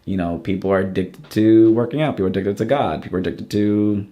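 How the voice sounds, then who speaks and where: Man, young adult, low voice, rambling casual podcast chat, lots of restarts. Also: fast, dark tone, muffled recording. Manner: chatty, rambling with many restarts. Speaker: podcast guest, artist.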